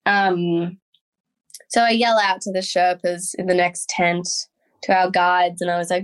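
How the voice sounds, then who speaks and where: A young Australian woman with an Australian accent, a guest telling a story in casual, lively talk, with frequent "like" and "um". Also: fairly low pitch, unhurried, clear, resonant tone. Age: young adult.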